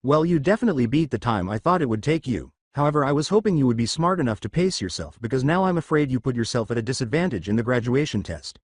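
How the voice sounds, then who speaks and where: A man reading the lines of a laid-back adult male ninja teacher in a fan story, calm and measured. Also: mid-range voice, no room sound, clean studio sound, close to an everyday voice.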